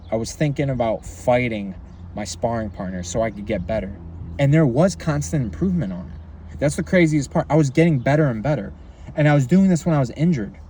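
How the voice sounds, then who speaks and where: A young man riffs excitedly to his audience, rambling with many filler words and casual swearing. His voice sits at an ordinary middle pitch, loose and unpolished, like a personal video diary. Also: a little hiss or hum. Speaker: vlogger and coach. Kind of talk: casual monologue to camera.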